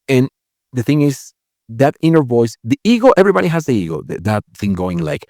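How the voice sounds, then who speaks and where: Man, interview guest, animated, acts out inner voices, dry close sound. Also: medium pitch, fast, no echo. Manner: self-correcting, repeats words. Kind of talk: conversational interview.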